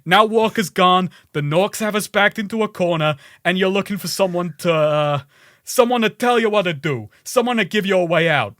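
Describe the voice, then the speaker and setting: A gruff male resistance leader stirs up his people, as a man reads him out in a deliberately bad accent. The voice sits high and sounds bright and forceful. The recording is close and dry. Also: dry recording. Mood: rousing.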